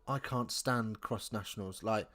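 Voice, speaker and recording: A man's voice: lowish voice, a little slow, fairly bright tone. A young man from England hosting a live rugby watch-along, chatting casually, thinking aloud and answering viewers as he follows the match.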